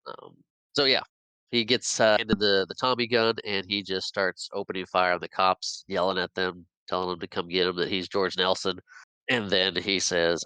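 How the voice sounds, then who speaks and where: A man's voice: low-pitched, level tone, normal speed, pushed and bright, smooth, dry recording, poor audio. A man co-hosting a podcast, rambling through a casual film recap and laughing often. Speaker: podcast co-host.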